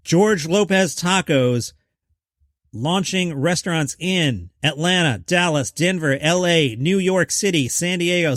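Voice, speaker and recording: A man's voice: on the high side, no room sound, studio quality. A man hosting a comedy news podcast, reading headlines with jokey asides. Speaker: podcast host.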